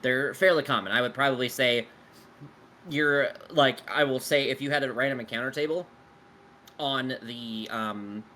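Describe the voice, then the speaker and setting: Speaking as a game master, a man with a mid-pitched, bright, forceful voice answers his players' questions about his world. He rambles loosely at normal speed, piling on fillers and casual swears, with slight background noise.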